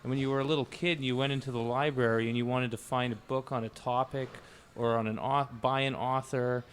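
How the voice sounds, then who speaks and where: A man's voice: mid-range voice, steady tone, fairly quick. A man with a mid-range voice explains ideas patiently through comparisons. A faint background hum stays under his speech on the podcast panel. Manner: explanatory, uses analogies. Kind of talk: casual podcast discussion.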